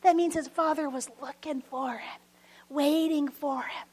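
A woman giving a sermon to a congregation, intimate, often dropping to soft near-whispers for emphasis. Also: sits high, steady tone, unhurried. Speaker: preacher. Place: church service.

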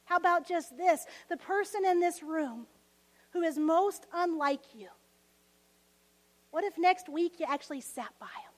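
A woman pastor preaching a sermon with passion, swinging from emphatic lines to soft whispers. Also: very high voice, expressive, unhurried, long reverb tail, poor audio.

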